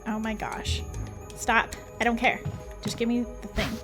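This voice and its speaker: Woman streaming a game, slow easy chatter, jokes at herself, game music blasting behind. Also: on the high side, steady tone. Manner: chatty, playful, self-mocking asides to chat and her cat. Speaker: streamer playing a horror video game. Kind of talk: casual live-stream game commentary. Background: loud video game music.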